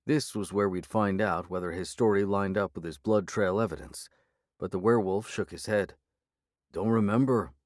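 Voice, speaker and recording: Low-voiced male audiobook narrator. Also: steady tone, moderate pace, no echo, clean studio sound. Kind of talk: scripted first-person narration.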